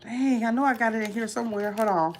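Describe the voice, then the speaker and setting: A woman hosting a casual livestream, chatting to her viewers and dropping to a low mumble while she searches her phone. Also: fast talker, slight background noise. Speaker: livestream host.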